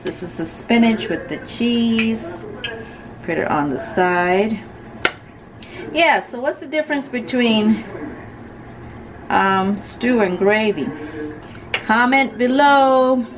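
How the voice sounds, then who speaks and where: A woman's voice: a little high, noisy background. A woman who moved to the US as a teenager, chatting playfully at home with her family for a vlog and laughing often. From abroad, moved to the US at about sixteen. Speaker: vlogger and mother. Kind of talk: casual family vlog chat. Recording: clear background music under the voice.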